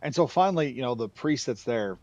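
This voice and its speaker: A man chatting casually while gaming, telling long rambling stories full of restarts. His voice sits at a middle pitch and sounds dry and close, on a dull, lo-fi mic. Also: animated, a little fast, darkish tone, no echo. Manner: rambling storyteller, many restarts. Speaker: gaming channel host.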